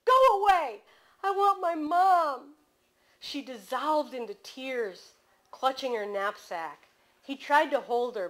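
A woman author gives a measured, expressive reading of her own novel at a bookstore. Her voice sits fairly high.

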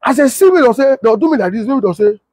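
A young man with a Nigerian Pidgin accent tells a comic tale with lively, animated delivery. His voice sits high and slightly husky. The sound is dry and close. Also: fast, no room sound. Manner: animated, laughs often, mimics sirens. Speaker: comedian storyteller.

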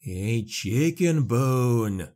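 A man voicing a big, simple-minded peasant man who speaks slowly and with wonder, a little higher than his narration. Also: lively intonation, a little mellow. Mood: awed.

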